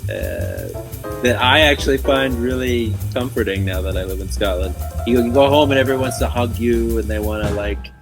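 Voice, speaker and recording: A man's voice: mid-range voice, sing-song, normal speed, gravelly, music in the background. A middle-aged American man with a light Boston-New York accent, a guest in a casual interview, dry and self-deprecating, laughing often. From American East Coast, north of Boston.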